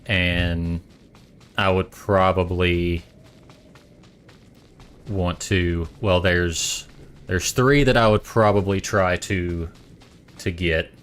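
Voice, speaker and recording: A man's voice: low-pitched, steady tone, very slow, pauses often, fairly bright tone, clean tone. A man with a Boston accent chatting casually on a stream, rambling and correcting himself as he goes. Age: adult parent.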